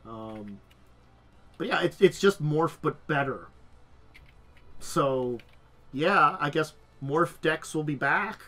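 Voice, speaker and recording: Male host, under the weather, casual and rambling, slightly raised pitch. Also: animated, takes it slowly, pauses often, fairly bright tone, faint music behind. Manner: rambling with frequent restarts and fillers. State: sick and tired. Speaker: podcast host. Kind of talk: casual chat.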